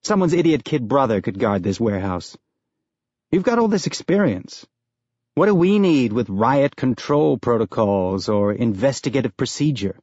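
A man's voice: medium pitch, sing-song, normal speed, darkish tone, no echo, lo-fi sound. A man voicing a thin, weedy male office manager who sounds apologetic and placating.

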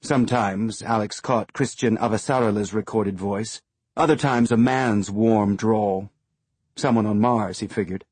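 A man narrating a science-fiction audiobook in a measured, even storytelling manner. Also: lowish voice, breathy edge, no room sound.

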